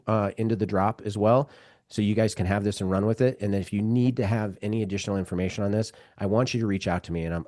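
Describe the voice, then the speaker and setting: A man's voice: fairly low pitch, no room sound, clean studio sound. A man speaking as a business coach on a virtual summit, talking casually and telling joking stories. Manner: animated, joking storyteller. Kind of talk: casual chat.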